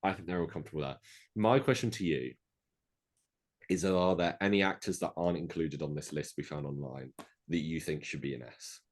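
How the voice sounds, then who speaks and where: Co-hosting a casual podcast, a man with a rumbling low voice and a brisk pace dryly reads out lists of actors and ranks them.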